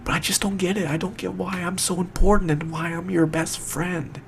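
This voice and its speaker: A young man speaking straight to the camera in an emotional monologue, distraught and fighting back tears, halting and repetitive, swearing as he searches for words. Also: high voice, fairly even intonation, gravelly, a little hiss or hum. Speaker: video maker addressing a friend.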